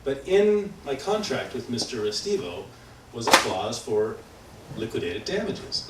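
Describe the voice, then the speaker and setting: A man's voice: medium pitch, slight background noise. A man telling a personal story at a live event, chatty and self-deprecating, acting out the other people's lines. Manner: conversational, self-deprecating, acts out dialogue. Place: community event hall. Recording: roomy hall, heard from far off.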